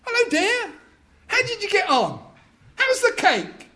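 A preacher putting on the voice of a calm, capable wife in a sermon illustration, brisk and a little superior. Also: male voice, very high-pitched, slight background noise, voice pushed up, heavily acted.

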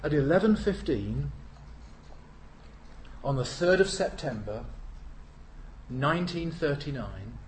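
British male preacher, slow and deliberate, solemn emphasis, roomy hall with faint hiss. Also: on the high side, expressive. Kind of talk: sermon.

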